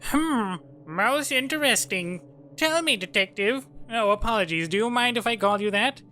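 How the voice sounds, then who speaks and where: A man voicing a courteous, rambling old male historian who talks in a slow, formal way, with faint game music behind. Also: high voice, expressive, pushed and bright, pitched above the performer's own voice. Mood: knowing.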